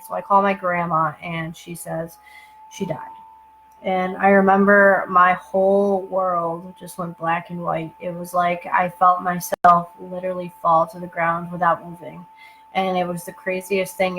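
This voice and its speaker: A young woman telling a personal story at home, halting, with many fillers and asides. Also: fairly low pitch, bright, forceful tone, slight background noise, poor audio. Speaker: channel host telling her story.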